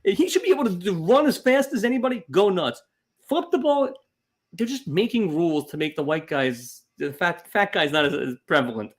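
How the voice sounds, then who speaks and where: Male comedy podcast co-host, fairly high voice that swings widely, animated storyteller. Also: a little fast. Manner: animated storytelling, swings into loud exasperated bursts. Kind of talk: casual comedic chat.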